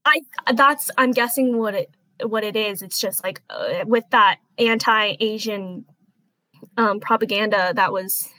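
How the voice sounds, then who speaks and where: Speaking at medium pitch, this interview guest, a woman in her twenties, describes something she went through, her earnest, hesitant telling turning gently emotional. The recording is dry and the audio is poor.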